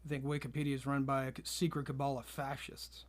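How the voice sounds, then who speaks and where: A man co-hosting a podcast, telling an absurd story in a deadpan, straight-faced way. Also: medium pitch, quick pace. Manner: deadpan, spins absurd tall tales with a straight face. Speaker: podcast co-host.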